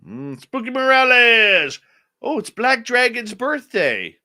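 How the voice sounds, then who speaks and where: A man's voice: extremely high pitch, very animated, slow, bright, forceful tone, dry recording. A man hosting a live radio show, chatting casually, enthusiastically greeting listeners from the chat. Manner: enthusiastic, reads chat names aloud, playful.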